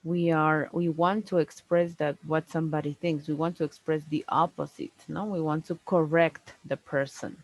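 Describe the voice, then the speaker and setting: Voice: mid-range voice, level tone, no room sound, rough recording. English teacher, patient one on one grammar lesson, keeps tacking on "no?" and "right?", dry close sound. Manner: patient, explains slowly, ends points with "no?" and "right?".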